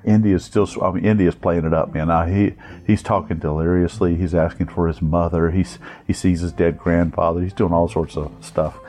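A middle-aged man telling a personal story, animated and amused, acting out the voices of the people in it. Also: deep voice, a little fast.

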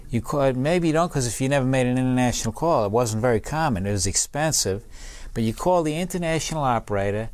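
A man's voice: mid-range voice, animated, fast, a little mellow, no room sound. A man in his seventies, a Vietnam veteran and public speaker, earnestly telling a personal story in an interview and repeating key phrases for emphasis.

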